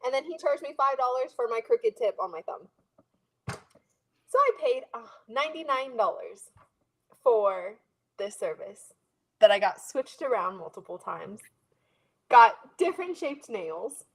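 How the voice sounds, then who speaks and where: High-pitched lady co-host, chatty, acts out everyone in her story. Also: unhurried, pauses often, rough recording. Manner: animated storytelling, acting out what others said. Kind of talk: casual chat.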